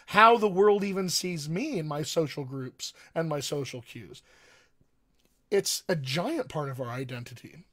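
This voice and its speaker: A man's voice: high-pitched, fairly bright tone. An American man, a dialect coach, teaching actors on a livestream in an earnest, emphatic way and repeating key phrases. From United States.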